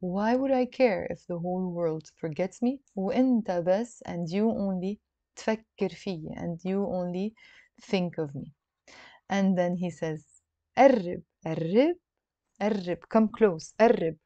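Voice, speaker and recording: A woman teaching a language through a song, explaining slowly and repeating each phrase. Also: fairly low pitch, mellow, no room sound, muffled recording. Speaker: Arabic teacher. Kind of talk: song-based language lesson.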